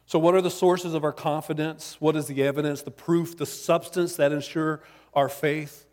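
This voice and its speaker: In the long reverb of a large hall, a pastor preaches a sermon in a church sanctuary, keeping it conversational with jokes and asides. His voice is a little high and darkish in tone, with fairly even intonation and a moderate pace.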